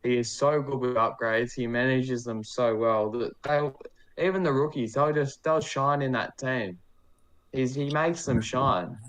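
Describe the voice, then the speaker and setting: A man's voice: mid-range voice, unhurried. A man co-hosting a casual podcast, easygoing and rambling, often correcting himself. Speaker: podcast co-host giving predictions.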